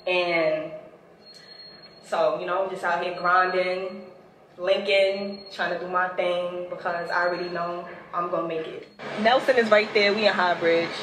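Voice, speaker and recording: With a fairly low voice, a steady tone, and a measured pace, a woman from the Bronx tours her neighborhood on foot, speaking laid-back street slang in a New York accent and reflecting on her upbringing. It's recorded outside on city streets, sounding echoey and distant amid loud street noise.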